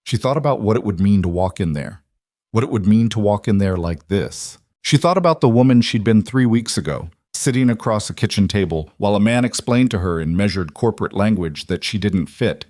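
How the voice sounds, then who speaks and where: Guy reading a story out, low voice, steady, super dry close sound. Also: a little fast, dry recording. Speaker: narrator. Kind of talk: scripted audiobook narration.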